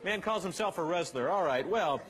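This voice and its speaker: A man hosting a comic game show, energetic and teasing, shouting over the messy action. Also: sits high, fairly quick.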